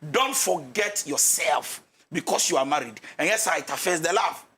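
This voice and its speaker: A man's voice: a little high, expressive, normal speed, sharp tone, slightly rough. A man with a Ghanaian accent giving marriage advice as a pastor on a talk show, switching between English and Twi and acting out the quarrels of couples. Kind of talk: animated talk-show counsel.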